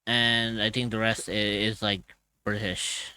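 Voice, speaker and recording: Low, bright-toned Irish streamer man. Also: flat delivery, slow pace, clear, resonant tone, dry recording. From Ireland. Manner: casual, swears freely, laughs often. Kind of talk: casual live-stream chat.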